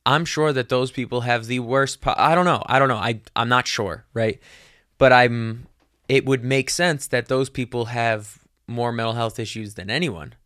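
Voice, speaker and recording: A man's voice: mid-range voice, fairly even intonation, normal speed, a bit bright, no echo, studio quality. A young adult man hosting a podcast, musing in a casual solo monologue that rambles with many fillers and casual swearing. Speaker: podcast host.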